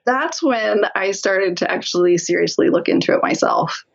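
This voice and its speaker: A woman's voice: mid-range voice, moderate pace, vocal fry, dull audio. A woman guest telling stories in a casual interview, laughing often and acting out what people said. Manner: lively, laughs often, acts out quotes. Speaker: podcast guest.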